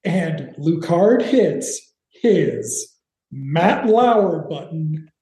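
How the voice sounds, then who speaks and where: A man's voice: on the high side, lively intonation, very slow, warm tone, echoey room, poor audio. A man co-hosting a podcast, recapping a TV episode in rambling casual chat with sarcastic asides. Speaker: podcast co-host.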